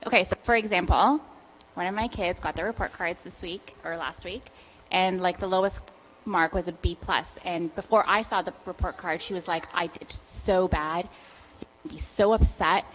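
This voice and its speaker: A woman's voice: on the low side, steady tone, moderate pace, a bit bright, a little hiss or hum, rough recording. A woman, a parent in the audience, asking a question hesitantly with many fillers.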